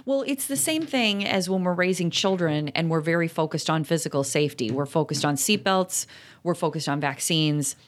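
A middle-aged woman co-hosting a parenting talk, speaking emphatically and jumping up in pitch on key points. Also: normal speed. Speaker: podcast co-host, parenting author. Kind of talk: casual conversational chat.

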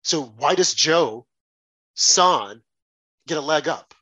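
Talk radio host, male, husky and bright-toned, indignant and emphatic, rhetorical monologue. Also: fairly high pitch, animated, slow.

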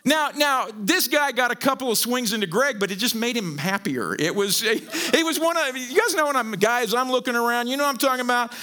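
A middle-aged man preaching a sermon, animated and joking, often repeating his words as he goes. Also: very high-pitched, brisk. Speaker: pastor.

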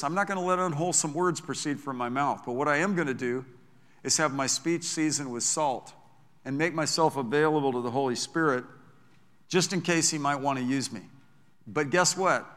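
A man's voice: medium pitch, a bit bright, clear, resonant tone, in a large hall. Enthusiastic male pastor preaching. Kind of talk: sermon. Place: church.

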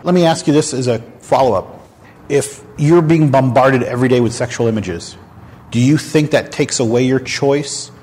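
A man hosting a candid faith talk show, speaking in a frank, animated storytelling manner. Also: medium pitch, moderate pace, a little hiss or hum. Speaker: host. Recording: long hall reverb.

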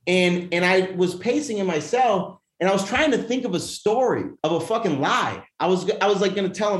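A man telling a personal story as a podcast guest in casual talk, animated and profane, often restarting his sentences. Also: sits high, brisk. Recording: roomy echo.

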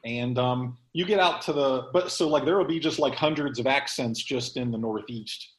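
A man's voice: mid-range voice, moderate pace, roomy sound, low-quality recording. A man hosting a casual podcast chat, rambling along with many ums and restarts. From Texas. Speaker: host.

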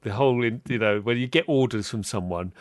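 A man's voice: mid-range voice, fairly quick, dry recording, studio quality. A man hosting a podcast interview, chatting casually and animatedly, often laughing and acting out quoted voices. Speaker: podcast host.

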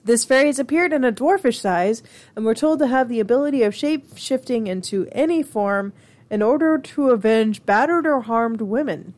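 Female host, slightly high voice, reads lore then riffs giggly. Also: animated, moderate pace, darkish tone. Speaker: host reading fairy lore. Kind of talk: casual chat and reading aloud.

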